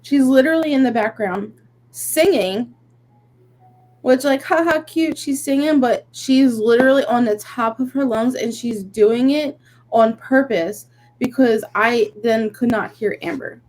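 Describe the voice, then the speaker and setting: A young woman co-hosting a casual podcast, venting in an animated, rambling way that is full of "like"s. Her voice sits fairly high. A faint noise runs underneath. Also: measured pace, rough recording. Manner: venting, animated storytelling with many "like"s. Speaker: podcast co-host. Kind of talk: casual chat.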